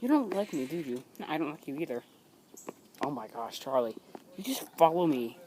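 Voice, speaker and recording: A woman's voice: sits low, sing-song, a little fast. A woman filming her cats at home on her phone, talking playfully to them in a cooing way and giggling often, sleepy from just waking up. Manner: cooing, playful talk to pets, frequent giggles. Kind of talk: casual home video chat. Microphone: handheld phone camera. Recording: phone video with clear background noise.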